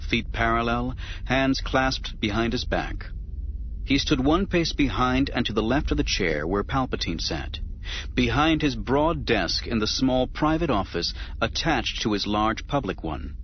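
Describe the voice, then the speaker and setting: A man narrating an audiobook in a measured storytelling manner. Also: medium pitch, lo-fi sound, a little hiss or hum.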